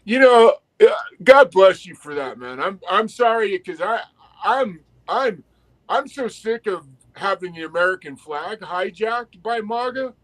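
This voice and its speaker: A man with a high voice, talking on a casual podcast. He speaks emphatically, often restarting his phrases, and swears as he talks. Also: lively intonation, unhurried, low-quality recording. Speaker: podcast co-host.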